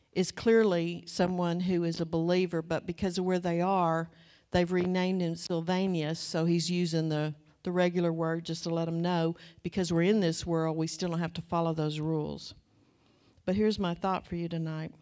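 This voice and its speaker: A woman's voice: lowish voice, a little mellow. A woman in her sixties preaching a conversational sermon, chatty and putting questions to her listeners. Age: 60s. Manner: chatty, asks the audience questions.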